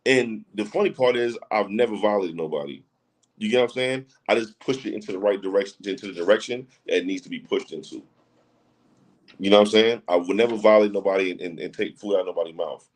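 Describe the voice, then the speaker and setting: Here a man with a fairly low voice speaks fast on a low-quality recording carrying a little hiss or hum. He's a guest on a casual podcast, emphatic and repetitive, regularly tossing in "you know what I'm saying."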